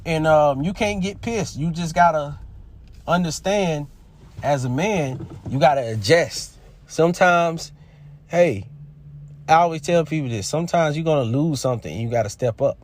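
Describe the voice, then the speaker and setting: A man talking casually and emphatically about sports and manhood, preachy, swinging from loud outbursts to quiet asides. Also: a little high, moderate pace. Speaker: commentator. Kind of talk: casual opinion monologue.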